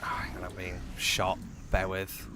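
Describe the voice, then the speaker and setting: A man's voice: deep voice, monotone, unhurried, noisy background. A man chatting casually while live-streaming a game, giggling often and trailing off into fillers.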